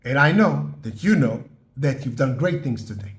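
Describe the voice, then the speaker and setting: A man giving an earnest motivational talk, slow and emphatic, often checking in with "yeah?" and "okay?". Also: medium pitch, animated, echoey room. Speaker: motivational podcast host.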